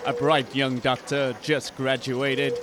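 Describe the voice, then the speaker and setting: Man as a slow pompous hospital chief. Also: medium pitch, little pitch movement, very noisy, natural voice. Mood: grand. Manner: slow, grandly sentimental.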